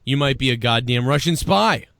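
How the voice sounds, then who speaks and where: A man from the Boston area with a softened Boston accent, hosting a live show in loose, profane, rambling chat. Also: medium pitch, animated, moderate pace, vocal fry, no room sound, clean studio sound. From Boston area, USA. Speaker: podcast host.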